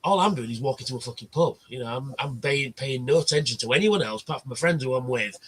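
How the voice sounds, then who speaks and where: A man's voice: mid-range voice, fast talker, husky. A man hosting a casual livestream chat, telling blunt stories and swearing freely. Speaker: livestream host.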